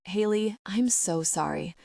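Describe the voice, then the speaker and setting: A woman voicing a cocky young man who demands answers, then turns gentle. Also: medium pitch, measured pace, vocal fry, no room sound, studio quality.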